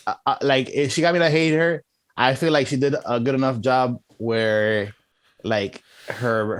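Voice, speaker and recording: A man's voice: fairly low pitch, clean tone, no room sound. A man co-hosting a casual movie review podcast, talking in a hesitant way with many restarts. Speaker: podcast co-host.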